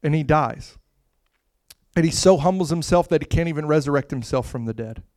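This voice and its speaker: A man preaching a sermon with impassioned delivery that swells to loud, emphatic peaks and drops to soft, hushed lines. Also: a little high, fairly quick, no room sound, clean studio sound.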